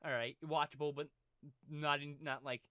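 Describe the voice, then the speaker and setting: Bright, smooth-voiced chatty co-host. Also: medium pitch, flat delivery, moderate pace, dry recording, clean studio sound. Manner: rambling, profane, restarts often. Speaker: podcast co-host. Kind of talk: casual chat.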